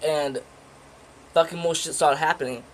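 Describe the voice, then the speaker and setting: A man's voice: a little high, fairly even intonation, normal speed, slight background noise, poor audio. Rambling, foul-mouthed teenage guy. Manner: rambling, profane, with many fillers and restarts. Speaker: vlogger. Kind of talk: casual storytelling.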